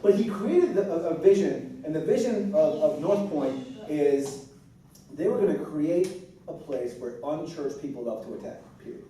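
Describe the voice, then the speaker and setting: A man's voice: fairly high pitch, expressive, moderate pace, dark tone, slight background noise. Guy running a school staff meeting, jokey and rambly, echoey room, far from the mic, people chattering around. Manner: joking, rambling, with many restarts and fillers. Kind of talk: casual meeting talk. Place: large indoor room with a group.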